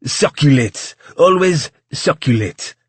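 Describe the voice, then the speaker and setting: A man's voice: a little high, lively intonation, slow pace, breathy edge, no room sound, pitched above the performer's own voice, heavily acted. A man putting on a haughty maitre d' with a fake French accent. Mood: stern. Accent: exaggerated French. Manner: haughty, clipped commands.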